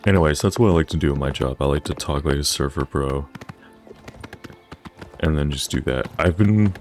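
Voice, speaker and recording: A man's voice: rumbling low, a little hiss or hum. A young man chatting casually over gameplay, rambling with lots of filler words. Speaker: gaming channel host.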